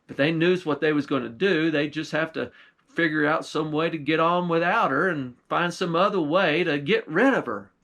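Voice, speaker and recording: A man's voice: fairly high pitch, normal speed, a bit bright. A man, a pastor, telling an old folktale in a folksy rural dialect. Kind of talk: folktale storytelling.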